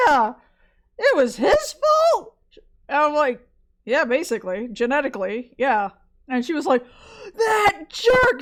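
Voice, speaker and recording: A woman college biology instructor giving a recorded lecture, chatty and digressive, with many fillers and side stories. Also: fairly high pitch.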